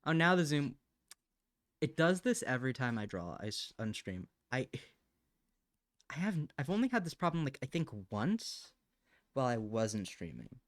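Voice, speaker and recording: A woman's voice: extremely low pitch, very animated, normal speed, long pauses, no echo, clean studio sound. A woman live streaming while she draws, chatting casually, muttering to herself as she works and sometimes gushing to her cat, recorded on a desk microphone at home.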